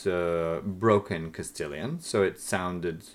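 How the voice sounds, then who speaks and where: A young adult man, co-host of a casual chat podcast, telling a story with animated quoted voices. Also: sits low, slow.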